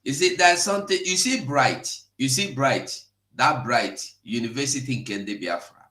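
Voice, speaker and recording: Man hosting an audio chat, slow deliberate delivery, bright tone, echoey room, far from the mic. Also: medium pitch.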